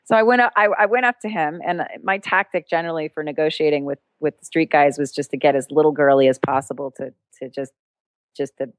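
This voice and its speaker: This interview guest, a street performer and entertainer, tells her anecdote at a quick pace in a dry recording. Her storytelling is animated, punctuated by frequent laughter, with quoted voices performed in a higher pitch.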